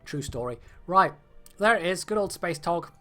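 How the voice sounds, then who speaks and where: A British game streamer with a high-sitting, slightly bright voice and lively intonation talks through a game at a moderate pace on a livestream. He rambles casually, full of fillers and wry, self-deprecating jokes, with soft music in the background.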